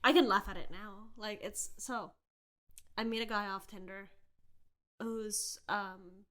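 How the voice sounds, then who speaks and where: A podcast host in her twenties from Southern California tells a personal story as a casual rant, candid and animated, laughing often and using fillers like "like" and "um." Her voice is medium-pitched and her pace slow.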